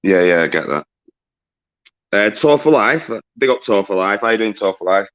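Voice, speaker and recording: A man's voice: fairly low pitch, expressive, normal speed, fairly bright tone, dull audio. A man hosting a casual livestream, reading viewers' comments aloud, greeting them and swearing casually.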